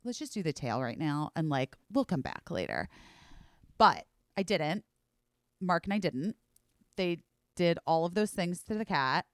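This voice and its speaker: A woman's voice: lowish voice, a little slow, pauses often, dry recording, clean studio sound. A woman in her forties hosting a podcast, telling a rambling story full of "like" and the odd swear word. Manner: rambling, animated, heavy on "like" and swearing. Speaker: podcast host. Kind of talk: casual storytelling chat.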